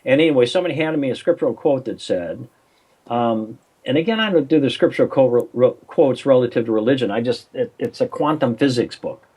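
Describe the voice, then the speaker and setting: A man's voice: medium pitch, a little fast, darkish tone, breathy edge. An older man, a coach and interview guest, telling a story over a remote call in a rambling way, with many restarts and acted-out phone voices.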